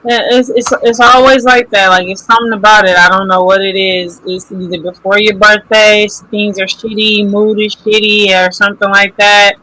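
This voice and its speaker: A woman's voice: medium pitch, flat delivery, moderate pace, few pauses, bright, forceful tone, low-quality recording. A woman co-hosting a casual podcast, rambling with lots of filler words and a drowsy edge. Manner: rambling, many filler likes. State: drowsy, just woken up. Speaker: podcast co-host. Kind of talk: casual chat.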